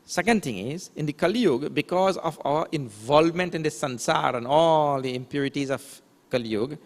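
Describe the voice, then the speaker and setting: In a hall with long reverb, a male swami lectures on spiritual matters, his slightly high voice lively in intonation. He explains scriptural terms, asks rhetorical questions, and chants verses slowly.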